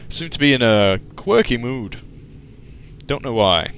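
A man's voice: mid-range voice, animated, unhurried, a bit bright, a little hiss or hum. A young man doing casual let's-play commentary, goofy and rambling, with heavy swearing. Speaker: gaming commentator. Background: game music faint.

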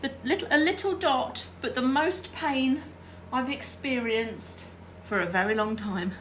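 High, bright-toned woman for a chatty sewing tutorial, working at her machine and asking the viewer to follow along. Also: a little slow, a little hiss or hum. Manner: chatty, checks in with "all right?". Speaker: quilting teacher. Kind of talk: hands-on craft tutorial.

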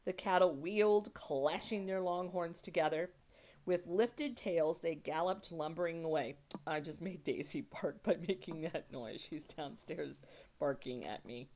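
Woman teacher reading a chapter book out loud, low voice, stops to explain words, muffled lo-fi sound. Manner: pauses to explain words with casual asides. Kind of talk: reading a children's novel aloud. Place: at home. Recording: dull lo-fi recording.

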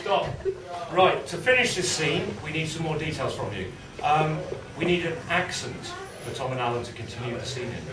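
A man hosting live improv comedy, brisk and chatty as he sets up games. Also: on the high side, big pitch swings, noisy background. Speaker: improv host. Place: live comedy gig venue. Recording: echoey room, far mic, loud crowd.

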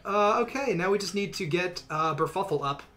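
A man's voice: on the high side, a little fast, a bit bright. A young man giving casual, rambling commentary while streaming a game, with many fillers.

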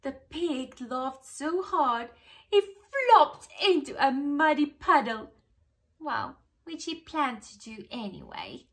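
Preschool teacher, woman, bright voice, expressive read-aloud with questions to children. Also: sits high. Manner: expressive, pauses to ask the listeners questions. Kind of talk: reading a picture book aloud to children.

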